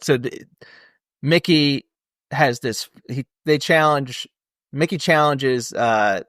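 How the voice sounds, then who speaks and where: A man's voice: mid-range voice, takes it slowly, a bit bright, no echo, clean studio sound. A man co-hosting a podcast, chatting casually and animatedly about a film and laughing as he retells scenes. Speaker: podcast co-host. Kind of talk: casual movie review chat.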